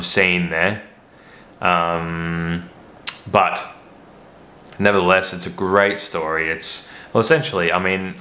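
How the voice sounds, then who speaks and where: A man's voice: low voice, bright, forceful tone. A man hosting a casual movie review vlog, rambling and hesitant with frequent restarts. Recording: roomy echo.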